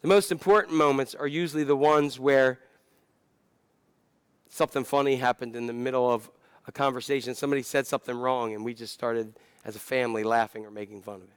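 A man's voice: mid-range voice, steady tone, a little fast, clear, resonant tone, dry recording. A man preaching a sermon, talking in a conversational, self-deprecating way that builds to impassioned emphasis. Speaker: pastor.

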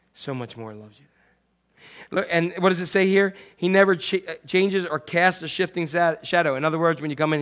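A man delivers a sermon in a high, lively voice. He acts out quotes loudly, then drops to soft, hushed asides. He talks like a pastor chatting with his congregation. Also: smooth. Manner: animated, swings from loud acted quotes to soft hushed asides.

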